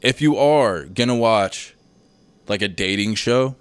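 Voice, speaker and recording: A man's voice: lowish voice, takes it slowly, clear, resonant tone, no echo. A young man hosting a solo podcast from his room at home. He rambles, gets sidetracked, says "dude" a lot and swears freely. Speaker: podcast host. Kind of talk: casual solo podcast chat. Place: home room with recording setup.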